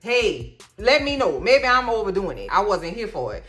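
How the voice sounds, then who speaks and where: A woman doing a casual, comedic TV episode recap in a sassy, animated way, full of slang and playful asides. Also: mid-range voice, normal speed, faint music behind. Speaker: TV recap host.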